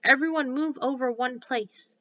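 A woman voicing an eccentric, fussy male hatter in a slow, deliberate, mournful manner. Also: sits high, fairly bright tone. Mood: matter-of-fact. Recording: slightly dull lo-fi recording.

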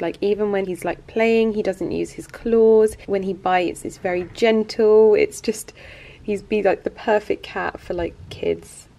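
A woman's voice: medium pitch, fairly even intonation, a little slow, vocal fry, dark tone, slight background noise. A young woman in casual vlog chat, rambling with many fillers, tired and close to tears. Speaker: vlogger.

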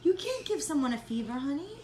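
Mom calming a kid, high lively voice, patient and half-laughing. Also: female voice, fairly quick. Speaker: mother. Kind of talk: casual talk with a child. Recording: echoey room with loud noise.

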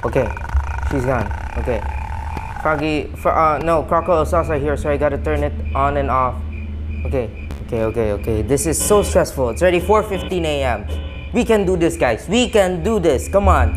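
A man hosting a gaming channel gives let's-play commentary. He is excitable and panicky, counts aloud, and keeps talking to his viewers. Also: a little high, moderate pace. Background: game music.

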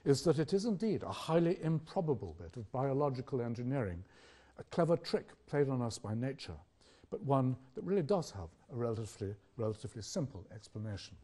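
In a public academic lecture, an older British man speaks in a measured, questioning manner with rhetorical pauses. His medium-pitched voice is warm, sing-song, and slightly rough.

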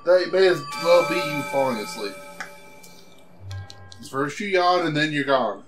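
Slightly high man teasing his friends. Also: lively intonation, a little slow. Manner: teasing, offers tips. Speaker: let's play co-commentator. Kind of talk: casual gaming chat. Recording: game music in the background.

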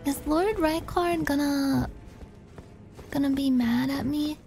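A woman's voice: sits high, slow, gravelly, dark tone. A woman streaming a game, chatting casually, joking, swearing and thinking aloud. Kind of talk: casual gaming chat. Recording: game music behind.

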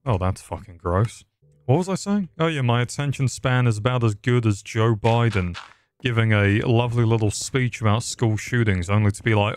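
A young man doing casual, crude Minecraft commentary, rambling with dark jokes and heavy swearing. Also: medium pitch, moderate pace, slight background noise. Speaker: gaming YouTuber.

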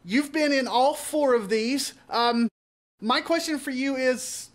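A man's voice: extremely high pitch, slow. A man hosting a casual film interview, asking questions in an easygoing way. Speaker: interview host.

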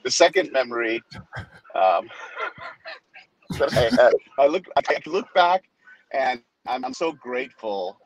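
Animated man telling a story. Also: mid-range voice, a little slow, long pauses, low-quality recording. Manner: animated storyteller acting out quoted voices. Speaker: pastor. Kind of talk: casual chat.

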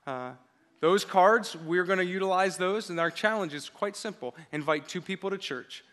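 A male pastor delivers a sermon at normal speed during a church service, his high voice cutting with a sharp, forceful edge. With energy and emphasis, he drives call-and-response exchanges with the congregation.

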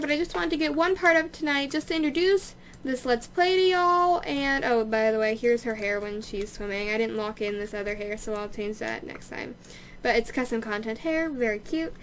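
A young woman with a high, bright voice narrates her life-sim game in a bubbly, gushing way, bursting into excitement over small discoveries. Her chatter runs loose and casual, and a faint hiss sits under the recording. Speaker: let's play host. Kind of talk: casual gameplay commentary.

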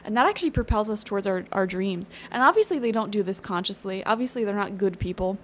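An encouraging woman talks through a tarot reading in a loose, chatty way, often thinking aloud with little fillers. Her voice sits at an ordinary middle pitch, with a faint hiss of noise in the background. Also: animated, fast talker. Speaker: tarot reader. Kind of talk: casual spoken tarot reading.

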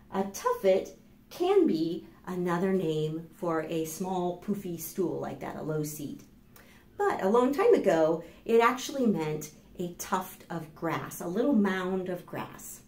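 Animated children's librarian, echoey room. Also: female voice, on the low side. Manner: animated, sing-song, encouraging. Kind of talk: children's storytime reading. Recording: roomy room echo.

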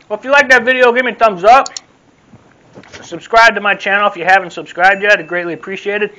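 Bright high-voiced man reviewing food. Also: fairly even intonation, fairly quick, pauses often, rough recording. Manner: repetitive, rambling, friendly sign-off. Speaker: food vlogger. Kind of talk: casual taste-test review.

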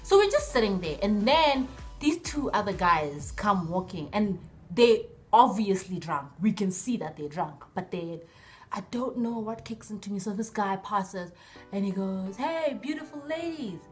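Animated young woman telling a storytime. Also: medium pitch, a little slow, soft background music. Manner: animated, acts out dialogue in voices. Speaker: vlogger. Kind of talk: storytime vlog.

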